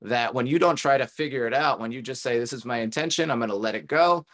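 An earnest tantra coach shares advice in a casual podcast conversation, his thoughts spilling out in long, encouraging, reflective runs. His mid-range voice moves at a quick pace with a fairly bright tone.

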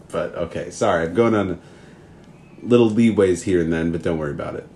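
Low-voiced guy from minnesota, earnest, keeps restarting his sentences, faint background hum. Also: normal speed, darkish tone. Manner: earnest, rambling with many restarts. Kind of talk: reflective spoken answer.

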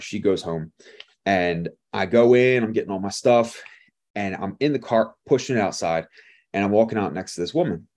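A male pastor preaching a sermon, telling a lively story and acting out the people in it with laughter. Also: deep voice.

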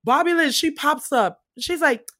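A woman chatting casually, recapping a film in an animated way, swearing freely and acting out quotes. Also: sits high, a little slow, no room sound, clean studio sound.

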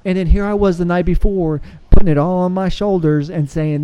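A man's voice: high voice, fairly even intonation, a little fast, hardly any pauses, dark tone, clean tone. A man with a Texan accent, a firefighter guest, speaking earnestly in a casual interview and laughing often. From United States.

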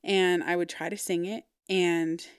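A young woman, a podcast guest, bluntly telling a story and swearing freely, growing animated when frustrated. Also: on the low side, unhurried, clean tone, dry recording, clean studio sound. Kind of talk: casual storytelling interview.

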